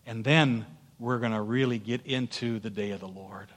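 A man preaching a sermon as pastor, emphatic, swelling to loud peaks and stumbling through fillers. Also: lowish voice, moderate pace. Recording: long hall reverb.

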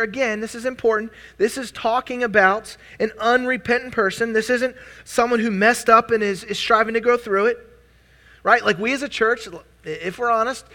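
A man's voice: high-pitched, sharp tone. A man preaching a sermon as pastor, earnest and conversational, often restarting his words.

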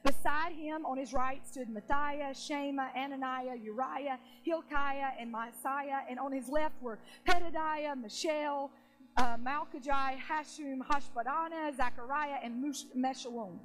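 High-voiced woman preaching a sermon. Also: poor audio. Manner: animated preaching, slows for emphasis. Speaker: pastor.

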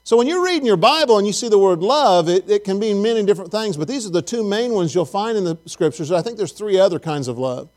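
A man with a high-pitched voice preaches to his congregation in a loose, conversational way. He keeps turning to the people with questions and a quick "amen?", folksy and down to earth. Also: animated, darkish tone. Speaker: pastor. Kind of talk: conversational sermon.

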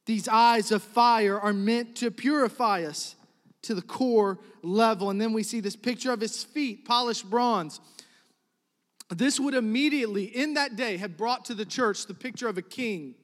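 High-voiced preaching man, reverberant hall. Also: measured pace. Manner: emphatic, repetitive preaching that swings from loud builds to soft drops. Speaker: pastor. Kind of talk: sermon.

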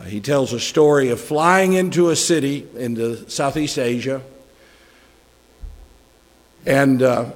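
A middle-aged man giving a conversational sermon as a guest preacher, folksy and joking with chuckling asides. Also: mid-range voice. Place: church sanctuary. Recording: long hall reverb.

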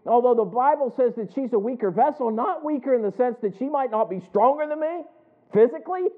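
A man preaching a sermon as pastor, asking the congregation rhetorical questions. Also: very high voice. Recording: phone-like narrow band.

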